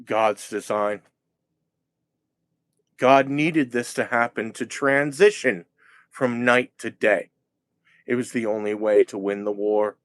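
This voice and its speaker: A man talking in a rambling monologue, agitated and profane, halting and restarting his sentences. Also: fairly low pitch, a bit bright, no echo. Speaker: vlogger.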